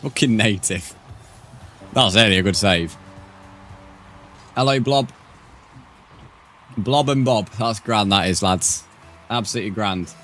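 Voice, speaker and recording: A man's voice: on the low side, a little slow, pauses often, fairly bright tone, soft background music. A young man streaming a game live, chatting casually with viewers and swearing freely. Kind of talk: live gaming commentary, reading chat.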